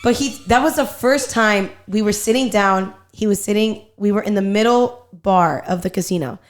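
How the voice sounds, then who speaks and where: A young woman hosting a podcast, telling a family story in a casual, animated way and swearing freely. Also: mid-range voice, normal speed. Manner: animated, profane storyteller, quotes herself and others. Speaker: podcast host.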